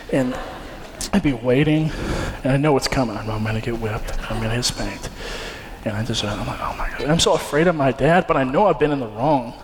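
A man's voice: medium pitch, a little hiss or hum. A young man preaching a sermon, telling a personal story in an earnest, conversational way with frequent fillers and restarts. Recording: long hall reverb, faint ambience.

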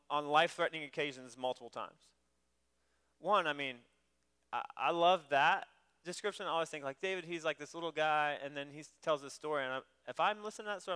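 A man delivers a sermon in a bright, clear, slightly higher voice. He talks conversationally and often trips back over his words. A long hall reverb trails each phrase. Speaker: pastor.

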